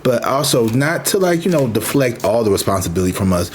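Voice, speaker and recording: A man in his thirties telling a story in a casual, profane, animated way, as a vlogger. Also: medium pitch, a little fast, a little hiss or hum. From Missouri, USA. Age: 30s.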